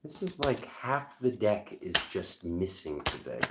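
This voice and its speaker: A man's voice: low voice, very animated, a little slow, reverberant, heavy background noise. A man with a Rhode Island accent giving a casual tarot reading, rambling and cracking jokes as he goes. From Rhode Island, USA. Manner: rambling, joking asides. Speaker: tarot reader.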